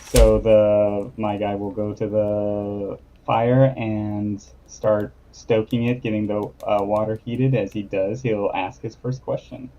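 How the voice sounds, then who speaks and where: A man's voice: on the low side, little pitch movement, slow pace, dark tone. A man playing a tabletop game, speaking briefly and plainly. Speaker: player. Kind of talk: actual play of a journaling tabletop game. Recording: dull lo-fi mic.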